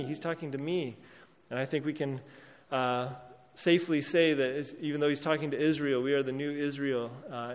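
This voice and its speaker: A man preaching a sermon in an earnest manner, pausing and restarting as he speaks and lifting his voice when reading scripture. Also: fairly high pitch, big-room sound. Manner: earnest, reads scripture aloud with rising emphasis. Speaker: pastor.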